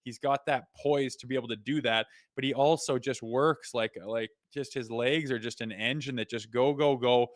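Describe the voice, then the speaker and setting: Excitable rambling man, dry close sound. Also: medium pitch, moderate pace, few pauses, no room sound. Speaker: co-host; father. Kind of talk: casual sports podcast chat.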